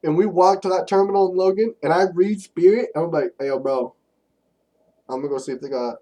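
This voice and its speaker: A young man, co-hosting a podcast and telling crude, animated stories in casual chat, a bit far from the mic. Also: high-pitched, fast. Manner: profane, animated storytelling. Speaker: podcast co-host.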